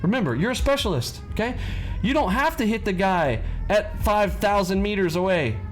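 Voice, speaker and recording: Animated man coaching with sudden yells. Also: high voice, moderate pace, soft background music. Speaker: trading coach. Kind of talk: energetic coaching talk.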